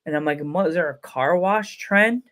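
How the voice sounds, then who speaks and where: A man's voice: fairly high pitch, moderate pace, fairly bright tone. Laid-back joking male talk show host. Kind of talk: casual interview chat.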